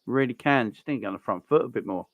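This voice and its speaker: Bloke doing a footy watchalong stream, rambly chat with viewers, normal pitch, dry close sound. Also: male voice, racing, no echo, muffled recording. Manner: chatty and rambling, greets viewers and answers chat. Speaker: live-stream host. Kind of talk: casual football watchalong commentary.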